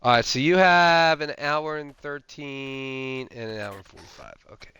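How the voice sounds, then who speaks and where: A man's voice: mid-range voice, moderate pace, sharp tone, clear, resonant tone. A man streaming a survival game, casually thinking aloud with lots of fillers and restarts. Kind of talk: casual gameplay commentary.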